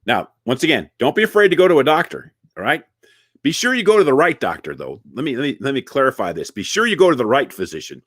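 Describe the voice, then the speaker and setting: A man giving a casual comedic monologue, jokey and animated, repeating words and chatting with his viewers. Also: mid-range voice, fast talker, no echo, clean studio sound. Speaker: inspirational online comedian.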